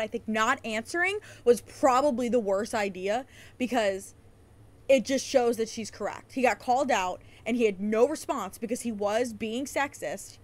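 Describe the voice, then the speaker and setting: A woman hosting a podcast, ranting in a heated, sarcastic way and swearing often. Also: a little high. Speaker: podcast host. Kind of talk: casual profane rant.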